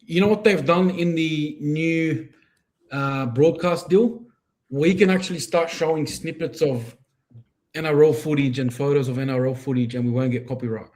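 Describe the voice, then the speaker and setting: A man's voice: a little high, moderate pace, a little mellow. A young Australian man co-hosting a sports podcast, chatting in an easygoing, joking way. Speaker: podcast co-host. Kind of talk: casual chat.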